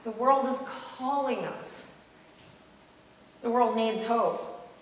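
Speaking slowly in a slightly high voice, a congregational life staff leader gives an earnest sermon in a church sanctuary, stressing and repeating key phrases. The recording, made with a distant mic in an echoey hall, carries slight background noise.

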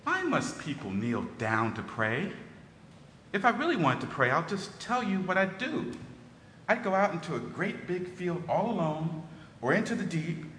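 A man's voice: high-pitched, a bit bright, slight background noise, heavily acted. A man reading aloud as an eager, imaginative orphan girl, dreamy and gushing, in a church. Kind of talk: dramatic reading in a service. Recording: roomy hall with long reverb.

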